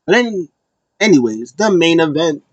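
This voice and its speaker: A man's voice: fairly high pitch, big pitch swings, moderate pace, dry recording, dull audio. Rambling man recapping casually, dry sound. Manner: rambling, lots of fillers and acted-out quotes. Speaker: wrestling show recap host.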